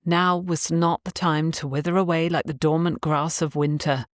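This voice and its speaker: A woman's voice: sits low, level tone, moderate pace, no echo. Woman narrating a romance audiobook, dry.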